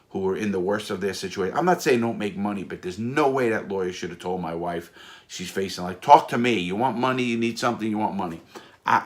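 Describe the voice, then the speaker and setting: A man telling his own story in a casual, emphatic monologue, often restarting and repeating himself. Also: low voice. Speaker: storyteller recounting his prison case.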